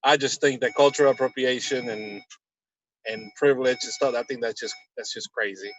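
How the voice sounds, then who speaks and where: A man hosting a casual podcast chat in a relaxed, sometimes sarcastic manner. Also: mid-range voice, brisk, slight background noise. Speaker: podcast host. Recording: slightly dull, lo-fi.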